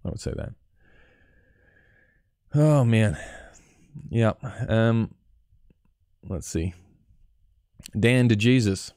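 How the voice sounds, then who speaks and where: A man's voice: lowish voice, animated, very slow, pauses often, a little mellow, smooth, no room sound, clean studio sound. A man in his thirties, a cinematographer, talking candidly and profanely on a live stream, answering chat questions and picking apart his own work. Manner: candid, profane, self-critical. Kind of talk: casual live-stream talk.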